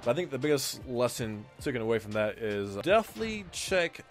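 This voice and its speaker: A man recounts a personal story in a loose, chatty way, voicing the people in it as he goes. His voice sits at an ordinary middle pitch. Faint music plays underneath. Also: a little fast. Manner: animated retelling, acts out quoted lines, frequent fillers. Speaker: gaming streamer telling a personal story. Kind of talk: casual storytime narration.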